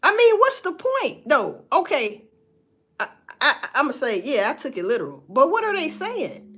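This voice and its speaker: A woman's voice: sits high, huge pitch swings, normal speed, sharp tone. A woman, musing in a casual, profane monologue full of rhetorical questions. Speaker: vlogger.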